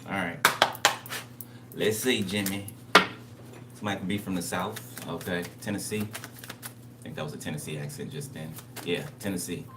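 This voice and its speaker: A man's voice: deep voice, steady tone, measured pace, pauses often, echoey room, far from the mic, very noisy. A man giving a casual spiritual reading. He talks bluntly and emphatically, repeats himself, and swears freely. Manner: blunt, repetitive, profane. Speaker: tarot reader.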